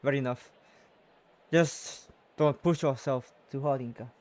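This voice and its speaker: A streamer voicing a worried older uncle with a put-on accent, reassuring and measured. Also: medium pitch, expressive, dark tone, close to an everyday voice.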